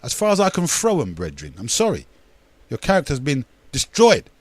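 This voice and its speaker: A man's voice: medium pitch, wildly swooping pitch, moderate pace, no room sound. An older man, hosting a radio talk show in a rambling, emphatic monologue that repeats words and addresses listeners as brethren.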